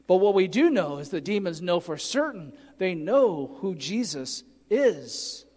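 A man's voice: high-pitched, big pitch swings, unhurried, darkish tone, big-room sound. A man preaching a sermon, earnestly teaching and reading scripture aloud with emphasis. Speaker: pastor.

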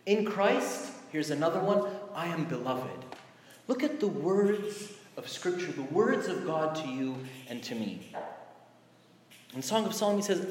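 A man's voice: on the high side, big pitch swings, a little slow. A man preaching a sermon in a conversational, emphatic way, his voice rising on exclamations. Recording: echoey hall with faint background noise.

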